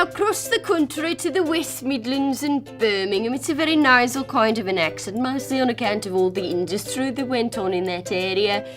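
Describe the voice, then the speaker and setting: A woman with a Received Pronunciation accent hosts a playful, chatty segment presenting and demonstrating accents, switching quickly into character voices. Her voice is a little high and a bit bright.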